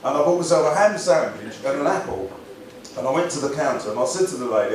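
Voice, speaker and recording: A man from Essex with an Essex accent, telling stand-up comedy stories in a deadpan way with stumbling restarts. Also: a little high, fast talker. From Basildon, Essex, England. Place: live event venue. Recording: echoey live room, distant mic, noisy.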